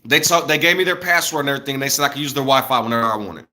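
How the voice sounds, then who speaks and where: Animated bright-voiced man telling stories. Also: medium pitch, racing. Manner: animated, loose and profane, talking straight to viewers. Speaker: livestreamer. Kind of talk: casual storytelling on a livestream. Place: at home.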